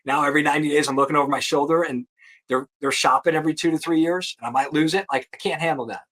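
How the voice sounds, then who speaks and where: Appearing as a guest, a thirtysomething insurance producer from the US East Coast recounts his career in a loose, animated way, with racing also coming up. His voice is slightly high. He's slangy, swears casually, and says "dude" and "like" constantly.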